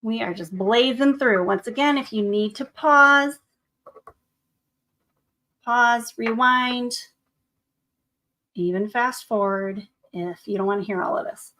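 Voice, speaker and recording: A woman's voice: a little high, slow pace, long pauses, bright, forceful tone. A woman art teacher leading a painting tutorial for children, upbeat and encouraging, speaking to the viewer as to her students. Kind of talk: classroom drawing tutorial.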